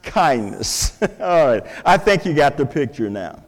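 A man's voice: a little high, sing-song, a little slow, in a large hall. A man preaching an interactive sermon to a live congregation in a church, quizzing listeners with playful questions. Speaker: pastor. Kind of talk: interactive sermon with object lessons.

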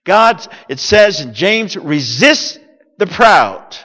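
A male preacher from the United States delivers a sermon, his fairly high voice leaping up and down in pitch. He swings between loud declarations and hushed asides. A long hall reverb trails behind him. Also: sing-song, slow pace. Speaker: pastor.

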